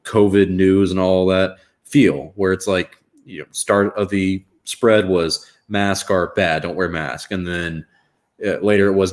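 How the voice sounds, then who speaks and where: A man's voice: low-pitched, steady tone, a little slow. A young man hosting a live reaction stream, talking casually in a rambling, wry way with lots of fillers. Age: young adult.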